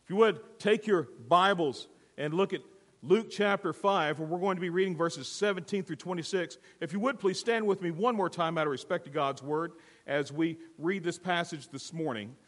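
A male pastor preaches in a church, telling a story emphatically and calling for amens. His voice sits a little high, and a long hall reverb trails every phrase. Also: normal speed. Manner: storytelling, emphatic, call-and-response. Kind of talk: sermon. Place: church sanctuary.

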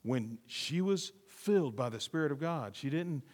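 Male pastor, high voice, dramatic hushed-to-loud sermon delivery, long church reverb. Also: lively intonation, normal speed. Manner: dramatic swings from hushed to loud, emphatic repetition. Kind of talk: sermon with scripture reading. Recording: long reverb of a large room.

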